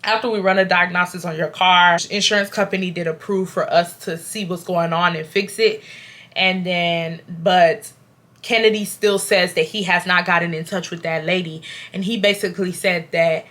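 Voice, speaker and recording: A woman in her twenties from Houston, Texas, telling a storytime to camera in an animated, casual way and often calling her viewers "y'all". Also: lowish voice, normal speed. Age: 20s. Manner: animated, addresses viewers as "y'all", acts out quotes.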